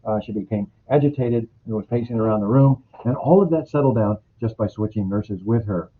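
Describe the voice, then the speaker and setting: A man from the United States giving a recorded healthcare training lecture, explaining calmly and drawing on stories from past clinical work. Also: fairly low pitch, fairly quick, slight background noise. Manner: explanatory, uses clinical anecdotes. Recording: phone-like lo-fi recording.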